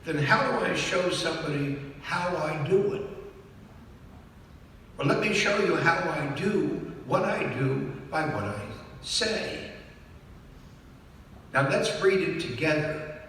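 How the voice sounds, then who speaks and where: A business author with a fairly high, fairly bright voice gives a live talk to an audience, emphatic and repetitive, often stopping to ask "do you understand?" The mic sits far off in an echoey hall, with slight background noise.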